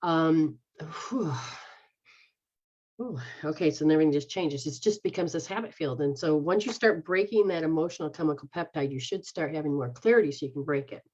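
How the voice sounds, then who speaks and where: Woman healer, lowish voice, casual instructive delivery, muffled lo-fi stream audio. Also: fairly quick, a little mellow. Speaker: energy healer leading a live session. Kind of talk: guided healing session, casual.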